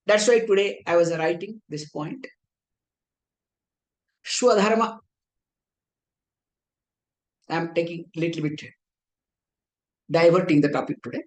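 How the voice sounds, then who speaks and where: Pausing often at a measured pace, a woman with a lowish, darkish voice and an Indian English accent teaches a spiritual philosophy class. As a Vedanta teacher, she speaks conversationally and keeps asking rhetorically if everyone understands.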